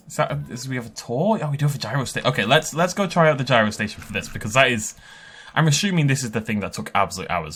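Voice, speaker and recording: Chatty guy touring a game park, laughs a lot, voice jumps all over, soft music underneath. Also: mid-range voice, quick pace, husky. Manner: excitable, chatty, laughs often. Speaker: game park tour host. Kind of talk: casual gameplay commentary.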